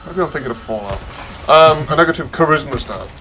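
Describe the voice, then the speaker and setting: A man in loose gaming banter, his voice sitting slightly high. He tells stories with a dry, self-mocking wit. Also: lively intonation, fairly quick, bright, forceful tone. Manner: dry, teasing, self-deprecating. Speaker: co-player. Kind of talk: casual gaming chat.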